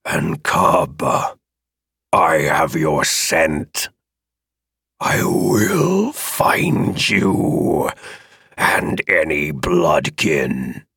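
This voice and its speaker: A man voicing a huge menacing male dragon in an audiobook, with a deep, gravelly, rumbling voice and slow, drawn-out threats. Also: big pitch swings, a bit bright, no room sound, clean studio sound, heavily acted. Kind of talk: audiobook character voice.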